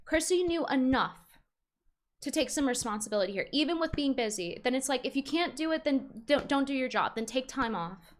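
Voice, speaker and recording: High-pitched young woman ranting on stream, frustrated, keeps restarting her sentences. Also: lively intonation, fast talker. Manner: rambling, frustrated, many restarts. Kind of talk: casual stream commentary.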